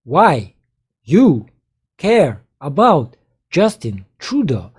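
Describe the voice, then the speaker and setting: A man's voice: fairly high pitch, wildly swooping pitch, very slow, darkish tone, husky. A man with a Russian accent whose first language is Russian, giving reaction commentary on a played video and firing exasperated rhetorical questions in broken English. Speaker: political commentator.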